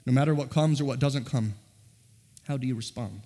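A man's voice: medium pitch, brisk, warm tone. A man preaching a sermon as pastor, earnestly pressing his listeners with rhetorical questions, recorded in a church sanctuary. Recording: long reverb of a large church hall.

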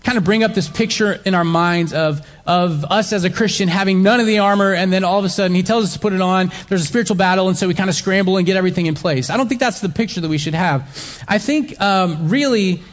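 High-voiced man preaching a sermon. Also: fast talker, big-room sound. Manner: conversational preaching with fillers and restarts. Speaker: pastor.

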